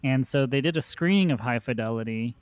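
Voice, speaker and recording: A man's voice: mid-range voice, fairly quick, clean tone, no echo. A man hosting a podcast, telling long rambling anecdotes in a casual chat. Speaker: podcast host.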